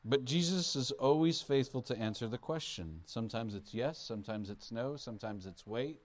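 A pastor preaches a sermon conversationally in a mid-range voice at a moderate pace. He asks the listeners questions and acts out Bible figures in playful voices.

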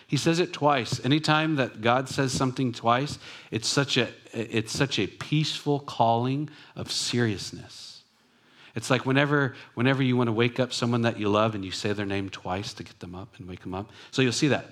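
A man preaching a sermon in a relaxed, conversational way. He reflects on scripture and adds personal asides. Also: medium pitch, moderate pace. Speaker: pastor.

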